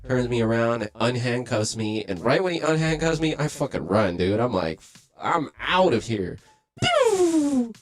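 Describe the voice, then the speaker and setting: A man's voice: mid-range voice, lively intonation, normal speed. A young man telling a story in casual, profane talk, acting out the voices of the people he quotes. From Los Angeles. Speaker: livestream host.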